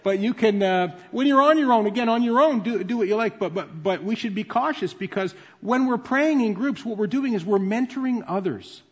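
A male pastor with a fairly high voice delivers a conversational, explanatory sermon. His words ring out with a long reverb in a large church hall. The recording sounds dull and muffled. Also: lively intonation, a little fast, hardly any pauses, breathy edge.

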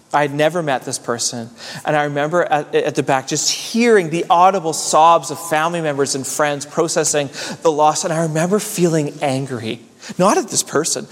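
A man preaching a sermon as pastor, with loud, high-pitched questions, a low, soft voice on closing points, and repeated words as he searches for phrasing. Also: moderate pace, long reverb tail.

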